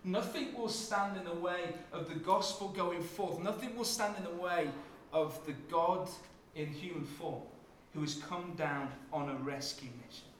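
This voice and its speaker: Male preacher, measured slow delivery, somewhat high voice, roomy hall sound. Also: a little hiss or hum. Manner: dramatic shifts from hushed to loud when acting out scenes. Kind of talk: sermon.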